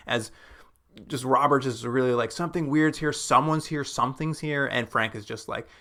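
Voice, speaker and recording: A man co-hosting a casual film discussion, his voice sitting at an ordinary middle pitch. He recaps scenes in a loose, chatty way and jumps into short acted-out quotes of the characters, peppering his talk with "like.". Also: bright, forceful tone. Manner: retells scenes with quick acted-out quotes, many "like" fillers. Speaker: podcast co-host.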